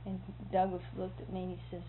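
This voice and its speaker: A woman's voice: fairly low pitch, monotone, quick pace. A woman telling homespun stories casually, chuckling often and acting out what others said. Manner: chuckling often, acts out quoted speech. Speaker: storyteller. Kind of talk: casual anecdotal storytelling. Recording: phone-like lo-fi audio with faint hiss.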